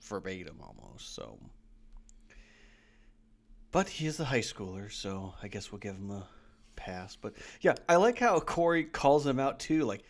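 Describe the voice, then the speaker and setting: Casual male podcast co-host; animated, rambling, quick to laugh. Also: lowish voice. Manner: rambling, laughs often, retells scenes. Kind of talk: casual rewatch podcast chat.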